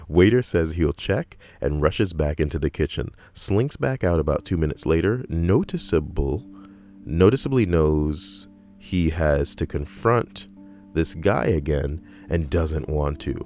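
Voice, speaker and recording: Deep-voiced, profane, rambling male storyteller. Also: expressive, moderate pace, a little mellow, soft background music. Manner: profane, sarcastic, rambling asides. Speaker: story reader and commentator. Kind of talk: reading stories aloud with reactions.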